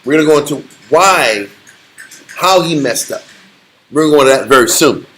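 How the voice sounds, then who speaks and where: A man with a fairly high voice teaches scripture in a relaxed, conversational way. He speaks in slangy tones and tells stories with animation. He often laughs. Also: brisk, a little hiss or hum, rough recording. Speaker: bible study teacher.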